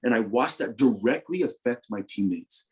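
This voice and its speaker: Young guy telling his story on a podcast, swearing, animated, gets loud then goes quiet. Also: medium pitch, moderate pace. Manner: animated, profane, swings between loud and hushed. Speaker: podcast guest, retired football player. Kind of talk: candid storytelling interview.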